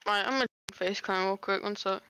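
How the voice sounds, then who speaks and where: Young woman gamer, mid-pitched, excitable and self-mocking, faint noise behind her. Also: fast talker. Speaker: gaming teammate. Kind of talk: casual gaming chat.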